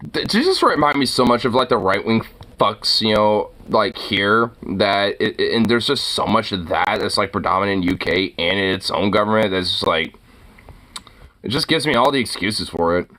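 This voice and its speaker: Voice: deep voice, normal speed, a bit bright. A streamer giving casual, profane reaction commentary on viral clips, rambling with lots of filler words and mocking laughter. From United States.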